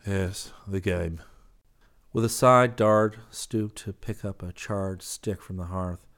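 A man reading a novel aloud as a steady, even audiobook narrator. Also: lowish voice, a little slow. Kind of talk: scripted narration.

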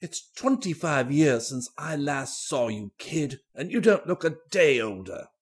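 A reader voicing an older theatrical man, hearty and blunt, in a lowered voice. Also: animated, measured pace, husky. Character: gruff older theatrical man with bushy eyebrows.

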